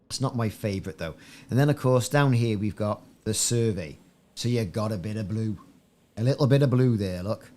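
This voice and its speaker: A man's voice: fairly low pitch, darkish tone. A man chatting casually to viewers as a game streamer on a live stream, rambling and repeating himself. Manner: musing, repeats himself often. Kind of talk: live-stream gameplay chat.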